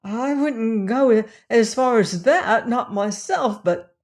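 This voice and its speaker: A woman voicing an eager, excitable young housemaid who drawls her words. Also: a little high, slow pace, pitched above the performer's own voice. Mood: hesitant.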